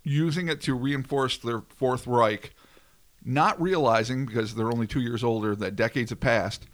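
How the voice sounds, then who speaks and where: A man's voice: medium pitch, normal speed. A man co-hosting a podcast in casual, profane, joking chat, riffing on wild theories. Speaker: podcast co-host.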